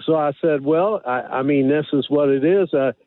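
A man calling in to a radio advice show, telling his story in a rambling, halting way with many pauses and fillers. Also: on the high side. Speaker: caller. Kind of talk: call-in radio question. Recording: tinny phone line.

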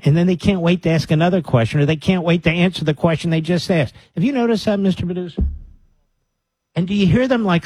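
A radio host, a man, talks straight to his listeners in an emphatic, animated monologue full of mocking asides. His voice is dark and a bit husky, and it sounds dry and close, as if he sits right at the studio mic. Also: fairly high pitch, no room sound. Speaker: radio talk show host.

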